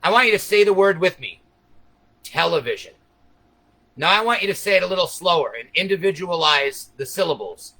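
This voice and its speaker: An American man hosts a long, unscripted livestream rant in a high, bright voice, swearing freely and addressing his audience directly. He rambles from point to point with lively intonation and a slightly fast pace, taking a conspiratorial tone to coax viewers along, all on a low-quality recording.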